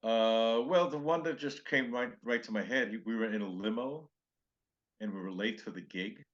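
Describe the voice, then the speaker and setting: A man's voice: medium pitch, moderate pace, muffled recording. An older male comedian telling road stories in a podcast interview, acting out other people's lines in raised voices. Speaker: comedian guest.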